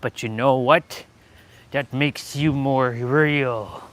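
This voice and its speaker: Animated man swinging soft to loud. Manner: swings from low murmurs to loud, slow, drawn-out emphasis; laughs often, casual and self-aware. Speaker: live-stream host. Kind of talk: rambling motivational live-stream chat.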